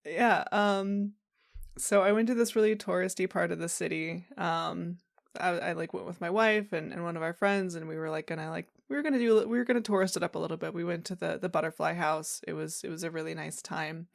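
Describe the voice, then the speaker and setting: A woman's voice: on the low side, fairly even intonation, fairly quick, creaky. A woman co-hosting a podcast, telling a story in casual chat with lots of fillers and laughs. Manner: storytelling, giggly, many fillers. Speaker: podcast co-host.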